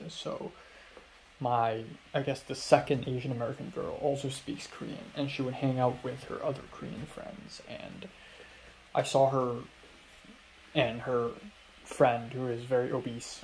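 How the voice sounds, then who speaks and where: A man's voice: medium pitch, a little mellow, a little hiss or hum, poor audio. Young man rambling through his day. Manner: rambling, filler-heavy retelling with acted-out quotes. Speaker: vlogger. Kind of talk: casual diary-style storytelling.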